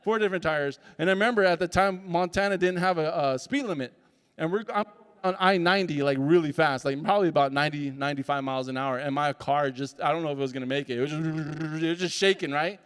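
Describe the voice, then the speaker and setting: Guy telling a story onstage, high-ish voice, acts out all the dialogue, long hall echo. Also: quick pace, a bit bright, clear, resonant tone. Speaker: speaker at a summit. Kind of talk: personal storytelling talk. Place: conference hall.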